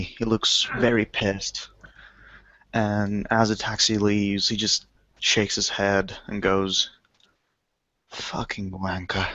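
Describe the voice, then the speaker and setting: A man narrates his character's actions in a tabletop game at a slow, unhurried pace. His voice is lowish and dry. It is muffled, as over an online voice chat. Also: a bit bright, no echo. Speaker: player.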